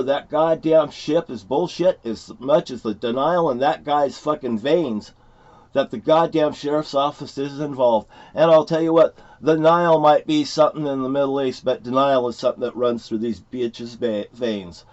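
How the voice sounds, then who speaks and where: A man's voice: a little high, moderate pace, darkish tone. Angry middle-aged man ranting profanely. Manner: angry, profane, rambling, repeats himself. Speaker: vlogger. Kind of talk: heated off-the-cuff rant. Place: at his home property by a motorhome. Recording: dull lo-fi recording.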